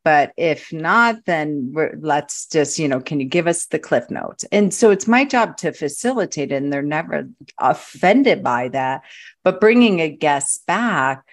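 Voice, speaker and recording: A woman with a notably low voice speaks as a guest on a podcast. She tells stories in an animated, chatty way, often restarting her sentences as she goes. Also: a little slow. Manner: animated storyteller, frequent restarts. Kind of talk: casual interview chat.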